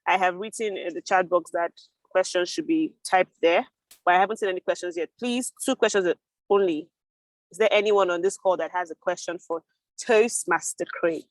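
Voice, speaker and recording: A woman hosting an online club meeting, upbeat and brisk as she moves the session along. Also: on the low side, dry recording, low-quality recording. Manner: upbeat, brisk emcee chatter. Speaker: meeting host. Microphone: computer mic on a video call.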